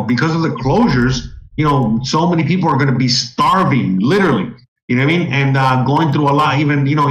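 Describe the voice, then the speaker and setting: A man's voice: medium pitch, distant mic. A man talks in a heated, profane rant, full of fillers. His voice rings in a roomy space. He sits back from the microphone. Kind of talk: casual ranting chat. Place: home in Mexico.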